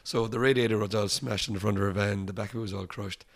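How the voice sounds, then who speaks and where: Lowish in pitch and quick in pace, this Irish musician tells stories casually during an interview. He brings the people in them to life by voicing them, and he laughs often.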